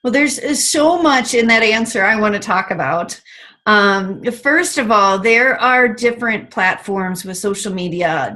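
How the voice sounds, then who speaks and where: A woman's voice: medium pitch, fairly bright tone. A woman hosting an interview, welcoming her guest and asking open, encouraging questions. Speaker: interview host. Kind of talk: conversational interview.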